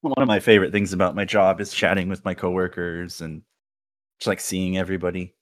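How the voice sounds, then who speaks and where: A young man hosting a podcast, telling stories in a relaxed, casual way and laughing often. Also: low voice, brisk, no room sound. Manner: laid-back storyteller, laughs often. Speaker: podcast host. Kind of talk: casual chat.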